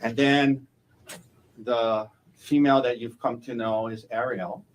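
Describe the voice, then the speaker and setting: A man as a defense attorney cross-examining a witness in court, halting and repeating words, closing each point with a leading question. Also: mid-range voice, steady tone, highs cut off, a little hiss or hum.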